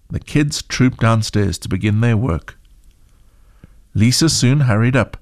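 Man gently reading a children's story. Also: medium pitch, unhurried, pauses often, no room sound. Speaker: narrator. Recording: dry, soft music behind.

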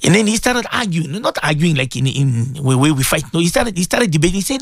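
A man hosting a casual morning radio talk show, speaking in a fairly high voice that swings widely up and down. He is animated, often repeats his words, and pleads and exclaims at his listeners. The sound is dry and close, with no room echo. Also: quick pace, gravelly. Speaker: radio show host addressed as Maulana.

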